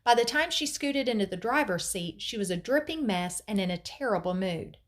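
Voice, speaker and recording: A woman teacher reading a novel aloud in an expressive storytelling way, with dramatic pauses. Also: mid-range voice.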